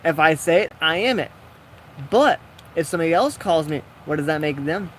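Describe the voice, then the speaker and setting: A gaming video creator builds in a game while telling a rambling, jokey story, acting out the people he quotes. His voice is fairly high and fairly bright, with lively intonation and a slightly fast pace, over slight background noise.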